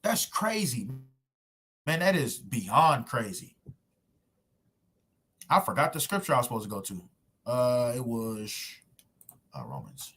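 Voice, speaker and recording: A man's voice: mid-range voice, big pitch swings, measured pace, pauses often, a bit bright, husky. A man preaching a sermon to camera in casual slang, pressing his points with rhetorical questions. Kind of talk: street preaching sermon video. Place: at home recording himself with screen share.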